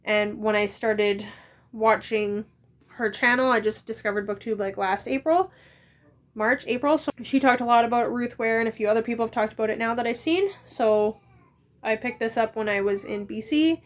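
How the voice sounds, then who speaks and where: A woman in her thirties chatting casually as a book vlogger, rambling with quick asides. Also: on the high side. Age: 30s. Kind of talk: casual chat.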